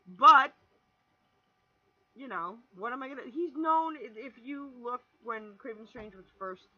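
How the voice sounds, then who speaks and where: A young woman in her twenties telling a rambling, animated story on her vlog, swearing freely and restarting sentences as she goes. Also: a little high, unhurried, lo-fi sound. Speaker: vlogger.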